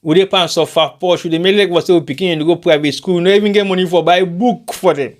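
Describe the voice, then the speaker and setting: High-voiced Sierra Leonean man, Krio-flavored English. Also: fairly even intonation, fast. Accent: Sierra Leonean Krio-inflected English. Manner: rhetorical, repeats catchphrases, asks listeners questions. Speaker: host of a live online show. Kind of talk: animated commentary, mixing English and Krio.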